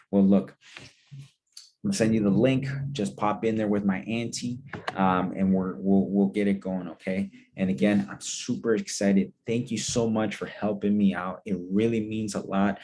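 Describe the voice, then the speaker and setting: Low, mellow-voiced man coaching call scripts. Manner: coaching, repetitive, acts out both sides of calls. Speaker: sales trainer. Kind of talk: instructional role-play of phone calls.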